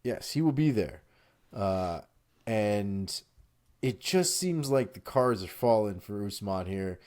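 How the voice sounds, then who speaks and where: Confident low-voiced man picking a fight. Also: lively intonation, slow pace, darkish tone. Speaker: MMA show co-host. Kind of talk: casual fight prediction chat.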